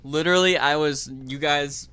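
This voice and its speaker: Teasing young man, crisp dry voice. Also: on the high side, fairly even intonation, normal speed, pushed and bright, dry recording. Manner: teasing, reads chat aloud. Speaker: stream co-host. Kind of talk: casual live-stream banter.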